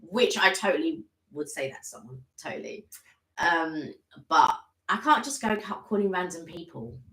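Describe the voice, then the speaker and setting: A woman's voice: lowish voice, lively intonation, normal speed, a bit bright. A woman co-hosting a casual live stream, chatting at length and filling her talk with "like" and "sort of". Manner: chatty, rambling, full of "like" and "sort of". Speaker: co-host. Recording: roomy echoey room.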